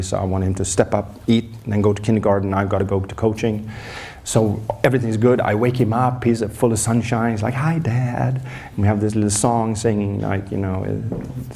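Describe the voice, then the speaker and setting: A man who works as a performance coach, telling a personal story on a conference stage with lots of restarts and self-deprecating humor. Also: mid-range voice. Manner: animated storyteller, acts out scenes, frequent restarts.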